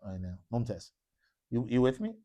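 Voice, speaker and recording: A man leads an Arabic grammar class in a mosque, quizzing his students line after line. His pitch sits mid-range but swings widely, keeping the lesson animated. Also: moderate pace. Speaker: Arabic teacher.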